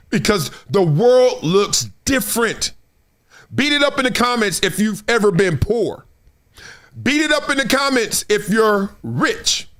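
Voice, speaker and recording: A middle-aged man from Compton, hosting an animated live-stream sports talk show and acting out quoted voices with frequent laughs. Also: sits high. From Compton, Los Angeles.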